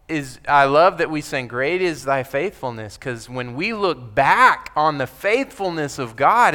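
A man's voice: on the high side, bright, forceful tone. A man preaching a sermon as pastor, talking emphatically and conversationally, acting out the scripture he quotes.

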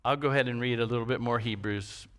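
A man's voice: medium pitch, fairly even intonation, quick pace, a bit bright, clear, resonant tone. A man preaching a sermon as pastor, emphatic, with rhetorical questions and repetition.

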